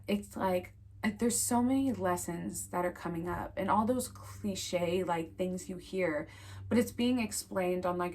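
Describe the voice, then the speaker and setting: A young woman vlogger telling a personal story in a casual storytime monologue, animated, full of "like" and swearing freely. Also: on the low side, slight background noise.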